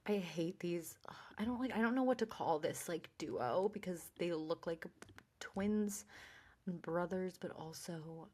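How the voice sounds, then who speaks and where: A woman co-hosting a podcast, chatting casually and recapping episodes with lively quoted voices. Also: lowish voice, unhurried, breathy edge. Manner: animated, quotes characters in snappy voices. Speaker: podcast co-host.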